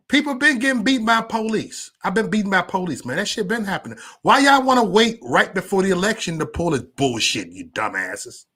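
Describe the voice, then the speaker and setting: Loud, animated ranting man. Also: high voice. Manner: loud, repetitive ranting with profanity and stammered restarts; chats directly with viewers by name. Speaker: livestream vlogger. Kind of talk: casual ranting livestream.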